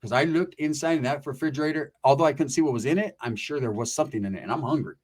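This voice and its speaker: A middle-aged man telling a profane comic story in a crude, animated way, dropping in bits of mock singing. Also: medium pitch, very fast. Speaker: comedic storyteller.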